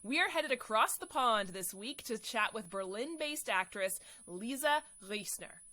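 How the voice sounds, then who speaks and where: A podcast host with a West Coast Canadian accent opens her show and chats with a guest, effusive, enthusiastic and quick to laugh. Her voice is a little high and sharp, with lively intonation at normal speed.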